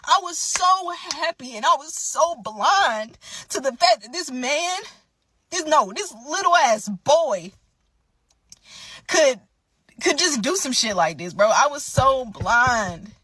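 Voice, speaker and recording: A young adult woman telling an emotional storytime monologue, animated and indignant, often turning to her listeners as y'all. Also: sits high, slow, no echo.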